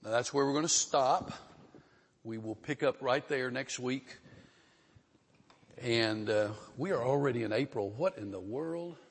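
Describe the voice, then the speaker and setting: A man's voice: mid-range voice, a little slow, pauses often, breathy edge. An older man teaching a Bible class in a conversational way, asking his class questions as he goes. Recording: long reverb in a large hall.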